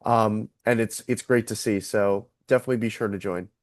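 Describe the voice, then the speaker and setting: A man co-hosting a golf betting podcast, talking casually and relaxed with fillers. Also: fairly low pitch, fairly quick, no echo, clean studio sound. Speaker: podcast co-host.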